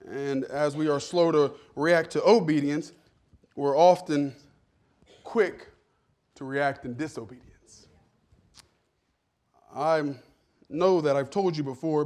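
A man's voice: a little high, a little mellow. A male pastor giving a sermon with humorous, self-deprecating stories.

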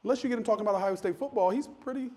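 Candid, animated male pastor, slightly high voice. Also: very fast. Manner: candid, self-deprecating, animated with many restarts. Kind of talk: conversational sermon. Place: church sanctuary.

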